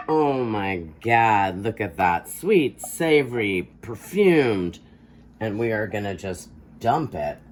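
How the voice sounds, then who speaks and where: A woman's voice: a bass voice, very animated, takes it slowly, music in the background. An older woman hosting a casual home cooking demonstration, playful and theatrical, joking about her own skills. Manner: playful, theatrical, self-mocking boasts. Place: home kitchen.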